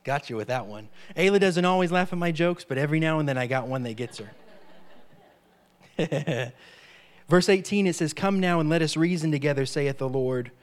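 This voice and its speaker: Male preacher, higher-pitched voice, emphatic and repetitive sermon delivery with steady amens. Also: moderate pace. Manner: emphatic, repeats key phrases, frequent "amen".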